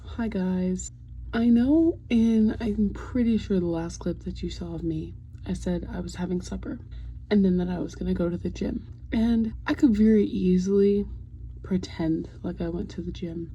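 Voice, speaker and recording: A woman's voice: fairly low pitch, steady tone, moderate pace, mellow, dull audio, a little hiss or hum. A young woman casually chatting to camera at home in a video diary, rambling through a fan rant and swearing freely. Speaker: vlogger. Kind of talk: casual vlog chat.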